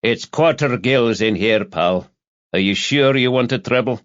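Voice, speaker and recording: A man's voice: medium pitch, measured pace, fairly bright tone, voice pushed up, close to an everyday voice. A man voicing a blunt, matter-of-fact male barman. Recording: dull, dry lo-fi audio.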